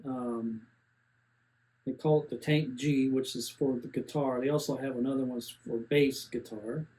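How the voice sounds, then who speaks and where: A man's voice: medium pitch, fairly even intonation, unhurried, warm tone, low-quality recording. A man in his seventies rambling plainly through a casual gear review, with many fillers and restarts. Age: 70s.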